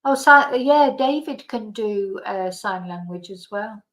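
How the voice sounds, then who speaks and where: A woman's voice: medium pitch, animated, slow, fairly bright tone, low-quality recording. A middle-aged woman with a Manchester accent, chatting casually with viewers on a livestream and laughing often. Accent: Mancunian. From Manchester, England. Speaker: livestream host.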